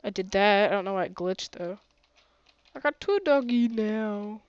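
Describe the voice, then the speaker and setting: A woman's voice: medium pitch, lively intonation, moderate pace, no echo, highs cut off. A woman streaming a game with a sore throat, chatty and often gasping and exclaiming. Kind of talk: casual gaming commentary.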